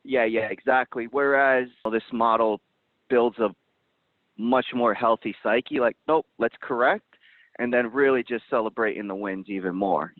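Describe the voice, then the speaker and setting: A man hosting a casual roundtable chat, talking in an animated, blunt way and swearing now and then, heard over a tinny phone-like line. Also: medium pitch, moderate pace, no room sound.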